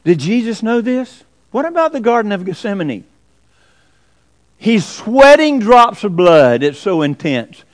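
Male preacher, high animated voice, emphatic, answers his own questions. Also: a little slow. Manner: emphatic, rhetorical questions, sudden drops to quiet. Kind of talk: sermon.

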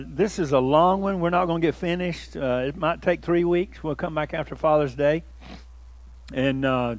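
A man preaching a sermon as pastor, folksy and conversational, breaking into loud emphatic bursts. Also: high-pitched, dry recording.

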